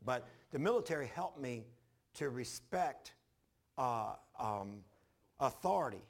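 An older man preaching a sermon, telling his own story in a folksy, repetitive way with sudden loud bursts. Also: mid-range voice, expressive, takes it slowly. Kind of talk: sermon with personal testimony.

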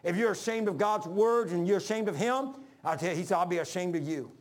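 High-voiced man preaching a fiery sermon. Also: quick pace. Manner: emphatic, swinging from loud peaks to low hushed lines; calls for congregation responses.

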